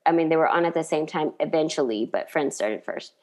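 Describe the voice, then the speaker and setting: Woman chatting about a tv scene, lively, acts out the lines. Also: low voice, a little fast. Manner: animated retelling, acts out quotes, laughs often. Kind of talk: casual chat.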